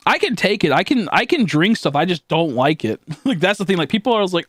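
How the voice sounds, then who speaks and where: A man's voice: high-pitched, sing-song, normal speed, fairly bright tone, no echo, clean studio sound. A young man streaming live, chatting casually and rambling with lots of swearing, fillers and restarts while he thanks viewers.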